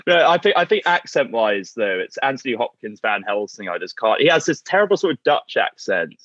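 A man co-hosting a casual film podcast, animated and critical of the film. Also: medium pitch, fairly quick, no room sound. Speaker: podcast co-host. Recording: dull, dry lo-fi mic.

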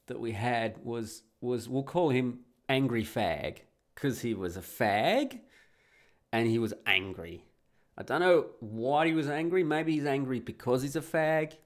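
An adult man casually telling a rambling, profane travel anecdote, often laughing as he talks. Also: mid-range voice. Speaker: storyteller.

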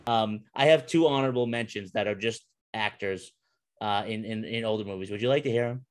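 Animated, swearing male podcast host. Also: lowish voice, a little fast. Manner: animated, swears, laughs often, restarts. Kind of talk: casual chat.

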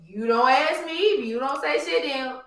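A woman's voice: sits high, normal speed, roomy sound. A woman co-hosting a podcast, talking bluntly and profanely in casual chat. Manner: blunt, profane, animated storytelling. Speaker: podcast co-host.

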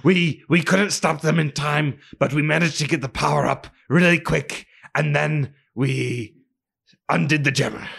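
A man with a deeply gravelly, rough voice, speaking in character during a tabletop game. He talks hesitantly, with many fillers and restarts. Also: measured pace, fairly bright tone. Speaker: player.

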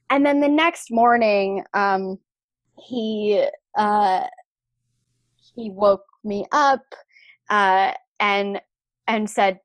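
A young adult woman telling a candid personal story, animated and frank, laughing and swearing as she goes. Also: mid-range voice, slow pace, dry recording, studio quality.

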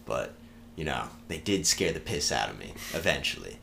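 A man's voice: a bass voice, sing-song, normal speed, vocal fry, sharp tone, slight background noise. A young man in his twenties, a podcast guest, casually telling rambling stories, swearing freely and laughing as he goes. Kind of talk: casual storytelling.

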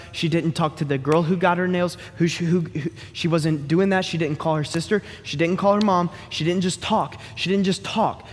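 A male pastor with a rather high, husky voice preaches in an animated, joking way. He talks to the congregation like a friend. His voice carries the long ringing reverb of a big church hall. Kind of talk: sermon.

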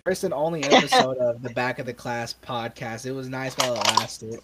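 A man's voice: medium pitch, brisk, over a noisy crowd, poor audio. A young American man hosting a casual podcast, rambling with many fillers and restarts. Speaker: podcast host.

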